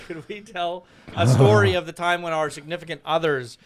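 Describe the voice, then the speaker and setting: A man hosts a podcast in a relaxed, rambling way. His voice sits a little high for a man, and a faint background hiss runs under it. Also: normal speed. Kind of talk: casual chat.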